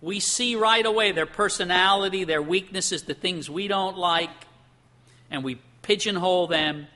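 A man preaching a sermon in an animated way, acting out the voices of the people he quotes. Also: sits high, moderate pace.

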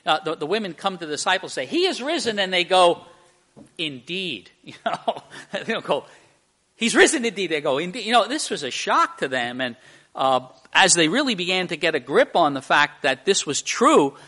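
A man's voice: on the high side, sharp tone. A man preaching a sermon, conversational, with frequent restarts and repeated words. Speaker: pastor.

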